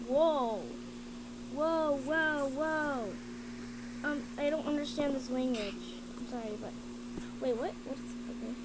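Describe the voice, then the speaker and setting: A woman's voice: high-pitched, a little slow. A young woman doing casual commentary on a game, jumpy and frightened, often repeating herself. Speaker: gaming video creator. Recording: loud background noise.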